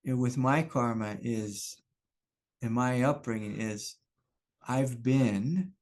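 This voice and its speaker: A man's voice: mid-range voice, slow, a little mellow. A middle-aged man giving a satsang talk as a spiritual teacher, candid and self-reflective, laughing often and repeating phrases. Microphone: video call.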